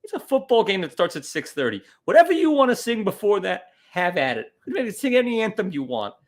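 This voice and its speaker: A man's voice: high voice, big pitch swings, brisk. A man co-hosting a casual comedy podcast with wry, offhand jokes. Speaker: podcast co-host.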